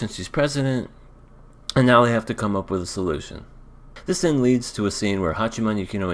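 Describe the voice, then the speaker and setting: A man's voice: low-pitched, slight background noise. A man recapping an anime episode in a casual, rambling way, hedging often as he thinks aloud. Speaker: anime reaction vlogger.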